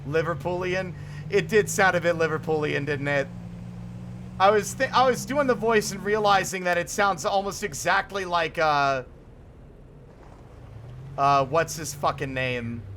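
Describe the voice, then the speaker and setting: A man with a fairly high voice chats through a live stream in an excitable, joking way, swearing freely as he plays. He talks over a desk microphone at a home streaming setup. A steady car engine drone from the game runs clearly underneath. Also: a little slow, pauses often, slight background noise. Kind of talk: casual live-stream chat while gaming.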